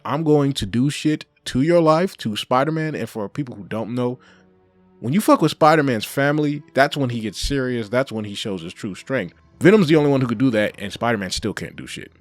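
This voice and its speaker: A man giving a casual spoken review of an animated show, animated and full of swearing. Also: on the low side, no room sound. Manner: animated, heavy swearing, frequent laughs.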